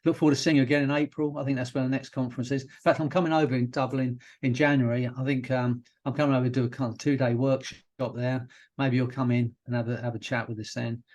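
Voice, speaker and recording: A British hypnotherapist telling stories in a relaxed, rambling way, often restarting his sentences as a podcast guest. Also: medium pitch, fast. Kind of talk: casual interview chat.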